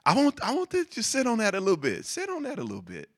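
A man preaching a sermon, reading scripture and breaking into animated, laughing asides with repeated words for emphasis. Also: sits high, fast talker, breathy edge.

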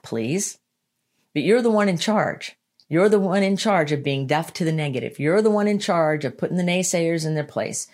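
A woman giving a motivational self-help talk, earnest and emphatic, repeating her key lines and slowing down to stress them. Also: deep voice, darkish tone. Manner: slows down to stress points. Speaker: motivational speaker.

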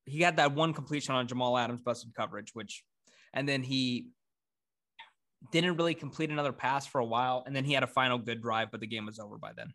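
A man hosts a relaxed sports talk show with a few friends, working through his picks. He sits at a middle pitch and gets excitable, laughing often and jumping in on the others. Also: fairly quick. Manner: excitable, laughs, mock British accent briefly. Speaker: podcast host. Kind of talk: casual sports picks chat.

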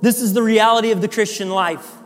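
High-voiced pastor in a reverberant church. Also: male voice, steady tone, a little fast, faint music behind. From Iowa. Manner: earnest, conversational with fillers and restarts. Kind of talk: sermon. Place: church sanctuary. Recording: long hall reverb.

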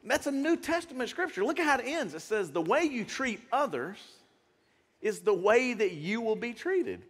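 A middle-aged man preaching a sermon as pastor, in a lively, conversational way. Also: extremely high pitch, moderate pace. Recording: reverberant church hall.

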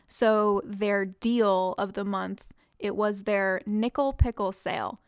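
A woman co-hosting a podcast in relaxed casual chat, with lots of "like" fillers. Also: mid-range voice, slow pace, clean tone, dry recording, clean studio sound. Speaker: podcast co-host.

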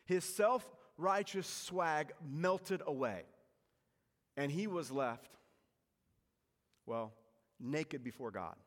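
Brief: male pastor, slightly high voice, dramatic sermon delivery, long church reverb. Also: lively intonation, extremely slow, pauses often. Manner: dramatic, varying loud emphasis and soft hushed lines.

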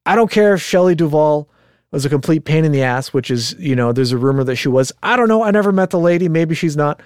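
This is a man in casual podcast conversation who retells stories with energy, swearing and slipping into quoted voices. His voice sits a little high for a man. It is recorded close and dry, with no room echo. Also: fast talker, smooth. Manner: animated storyteller who swears and acts out quotes. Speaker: podcast co-host.

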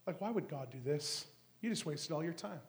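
A man voicing a devil who whispers doubts in a hushed, mocking way. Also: a little high, animated, a little fast, pitched below the performer's own voice. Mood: taunting.

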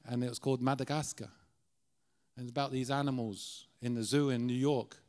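A middle-aged Irish man gives a sermon from the pulpit of a church, in an earnest, conversational way. His voice sits at an ordinary pitch, and he often restarts his sentences as he pushes a point. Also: steady tone, fairly quick, darkish tone. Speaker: guest preacher.

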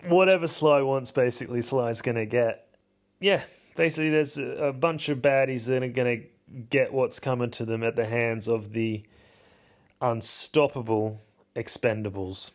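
A man talks through a film alone as a podcast host, rambling and wry, and he pokes fun at himself along the way. His pitch sits in an ordinary middle range, and his talk is loose and casual. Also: normal speed. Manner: rambling, wry and self-mocking, chuckling asides. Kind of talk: casual solo film commentary.

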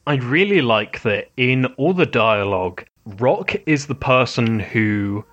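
A man's voice: mid-range voice, expressive, slow, a bit bright, highs cut off. Enthusiastic man chatting about anime. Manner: enthusiastic, swears freely, laughs often. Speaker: podcast co-host. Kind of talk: casual anime review chat.

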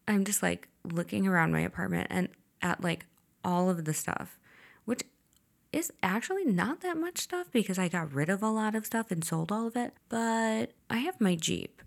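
A woman's voice: mid-range voice, lively intonation, normal speed, vocal fry. A young woman hosting a podcast, telling a personal story in a blunt, profane way, full of "like" and acted-out dialogue. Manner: blunt and profane, heavy filler 'like', reenacts dialogue. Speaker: podcast host. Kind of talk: candid storytelling monologue.

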